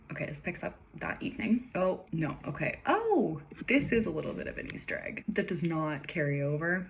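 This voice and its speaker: A woman's voice: low-pitched, creaky, slight background noise, poor audio. A young woman reading passages from her old novel and chatting about them, self-mocking and laughing often. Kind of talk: casual chat reading from a manuscript.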